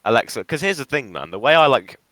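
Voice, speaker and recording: A man co-hosting a casual chat show, talking quickly with a fairly low but bright voice. He swears and reacts with disbelief, recorded on a close, dry mic. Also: very animated, no echo. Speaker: podcast co-host.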